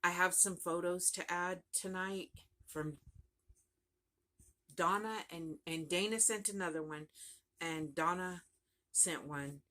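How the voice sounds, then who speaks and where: A woman's voice: lowish voice, slow, long pauses, pushed and bright. A woman vlogging casually about her crochet project, rambling and chatty, often trailing off and starting over. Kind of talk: casual chat to camera.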